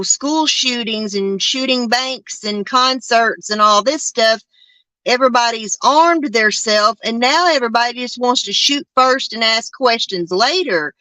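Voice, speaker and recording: A woman's voice: a little high, sharp tone, no room sound. A woman, hosting a podcast in a casual chat that rambles and halts with many fillers and restarts. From Arkansas. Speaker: podcast host.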